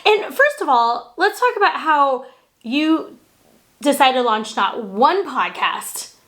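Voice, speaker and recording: A woman's voice: high voice, very animated, slow, fairly bright tone. A woman co-hosting a casual chat in a small home studio, playful and teasing, laughing often. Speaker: co-host.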